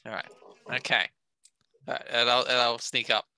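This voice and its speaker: Bright-voiced joking male player. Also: mid-range voice, little pitch movement, normal speed, creaky. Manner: joking, playful banter. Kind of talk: playing a tabletop game.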